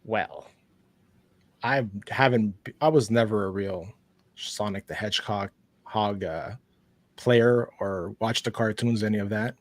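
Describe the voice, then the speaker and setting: A man's voice: a little slow, no echo. A man who is a guest on a casual podcast, telling a story expressively. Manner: expressive storyteller, swings his pitch widely.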